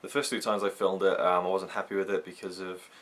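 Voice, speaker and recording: Deep-voiced male vlogger, talks hesitantly and openly to camera. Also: flat delivery, fast talker, a bit bright. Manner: hesitant, candid, many ums. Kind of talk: casual to-camera vlog.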